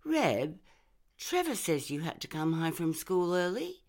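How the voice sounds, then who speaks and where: A woman voicing a warm, fussing middle-aged mother in a story reading, high and bright. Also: very animated, measured pace. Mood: doting.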